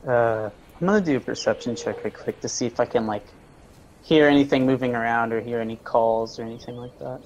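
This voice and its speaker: A young man plays a tabletop game and casually asks to roll for his character. He speaks at an ordinary middle pitch. A faint hiss runs under the voice chat. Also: fairly even intonation, fairly quick, a little mellow, poor audio. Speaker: player.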